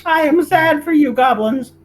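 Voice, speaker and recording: A woman voicing a tiny bird adventurer who speaks in short, flat sentences. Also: high voice, moderate pace, close to an everyday voice. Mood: deadpan.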